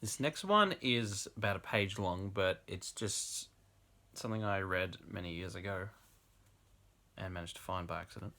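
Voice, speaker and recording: A low-pitched young man gives a comic reading of trashy fiction. He laughs his way through the lines and drops into relaxed, offhand remarks between excerpts. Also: normal speed. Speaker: host reading fan fiction aloud. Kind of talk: comic dramatic reading with asides.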